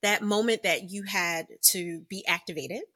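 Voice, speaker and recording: Bright-voiced woman host, affirming. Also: medium pitch, moderate pace, breathy edge. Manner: affirming, frequent backchannel agreement. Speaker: podcast host. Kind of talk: podcast interview.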